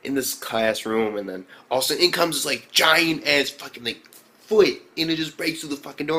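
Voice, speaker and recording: A man reviewing an anime episode in a casual vlog, slangy and profane, talking with excitable energy. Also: a little high, a little fast.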